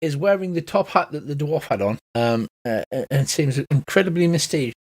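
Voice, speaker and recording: A man's voice: on the high side, animated, a little fast. A man narrating as game master, chatty and laughing, acting out creatures and crowds as he goes.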